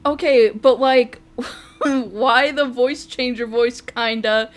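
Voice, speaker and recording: Giggly slow-talking woman streamer. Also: on the high side, fairly even intonation. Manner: giggly, laughs often, crude. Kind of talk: live game-stream chat.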